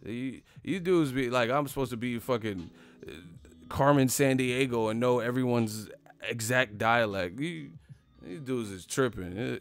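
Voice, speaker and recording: A man talks loosely on a live stream, rambling and swearing freely and chuckling at his own jokes. His voice sits at an everyday middle pitch. Quiet music plays faintly behind him. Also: a little slow. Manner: profane, rambling, laughs at himself. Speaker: boxing commentary host. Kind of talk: casual live-stream rant.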